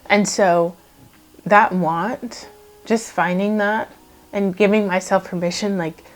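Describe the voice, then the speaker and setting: A woman's voice: medium pitch, fairly even intonation, slow. A woman YouTuber talking to her viewers in a heartfelt vlog, earnest and reflective, a little emotional, with many casual "like" fillers.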